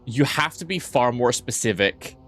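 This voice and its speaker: A man's voice: medium pitch, expressive, moderate pace, a bit bright, husky, soft background music. A young man streaming live, joking crudely and rambling as he reads and answers his chat.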